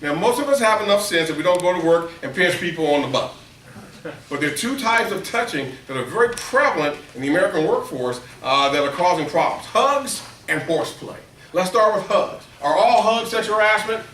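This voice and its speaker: Animated middle-aged man presenting in an echoey room. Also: brisk, far from the mic, a little hiss or hum. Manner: storytelling, asks the audience questions, acts out quotes in a high excited voice. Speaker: seminar presenter. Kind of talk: animated training lecture to a live room. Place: conference room with an audience. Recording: echoey room, speaker away from the mic.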